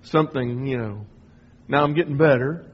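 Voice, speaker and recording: A middle-aged man giving a rambling, informal spoken testimony, often restarting and clearing his throat. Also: medium pitch, moderate pace, dull audio. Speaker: speaker sharing a personal faith story.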